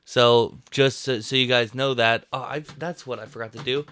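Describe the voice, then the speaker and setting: A man's voice: mid-range voice, level tone, moderate pace, a bit bright, clear, resonant tone, no room sound, studio quality. A young man co-hosting a casual podcast chat, loose and easygoing, laughing often. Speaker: podcast co-host.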